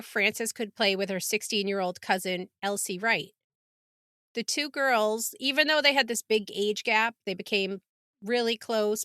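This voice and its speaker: Bright podcast host lady, chatty, laughs a lot, dry close mic. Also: medium pitch, clear, resonant tone, dry recording. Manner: chatty, laughs often, quick asides. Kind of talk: casual podcast chat and storytelling.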